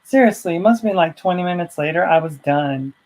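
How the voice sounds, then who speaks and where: A woman's voice: fairly low pitch, fast talker, a little mellow, low-quality recording. A woman vlogger telling a personal story in a casual, rambling way, full of asides.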